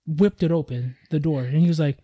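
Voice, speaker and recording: A man's voice: on the high side, fairly quick, warm tone, muffled recording, a little hiss or hum. A man co-hosting a podcast, chatting casually and telling stories with a laid-back, swear-heavy manner. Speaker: podcast co-host. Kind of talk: casual chat.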